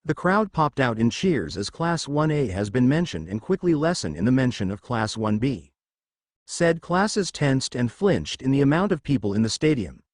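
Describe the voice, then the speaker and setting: Brief: young male narrator, animated pitch, dry close recording. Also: no room sound. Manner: plain, steady reading with occasional slips. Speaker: fan-fiction reader. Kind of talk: story narration.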